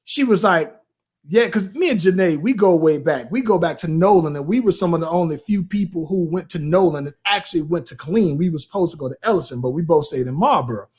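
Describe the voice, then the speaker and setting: A man's voice: fairly high pitch, fast talker, breathy edge. Slangy storytelling man in his late 30s. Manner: animated, slangy, peppers lines with "bro" and "right?". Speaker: podcast co-host. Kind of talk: casual storytelling chat.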